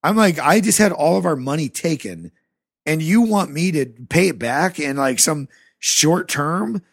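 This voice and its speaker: A man's voice: on the high side, a little slow, creaky, no echo, clean studio sound. A man guest on a podcast, casually telling a story from his life with lots of swearing and acted-out dialogue, from the American Rust Belt. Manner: animated, swears freely, acts out dialogue.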